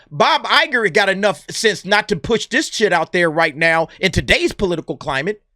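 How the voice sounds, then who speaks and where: A man's voice: high voice, sharp tone, no room sound, studio quality. A man ranting in an opinion commentary vlog, blunt, exasperated and sarcastic, with plenty of slang. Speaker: movie commentary vlogger.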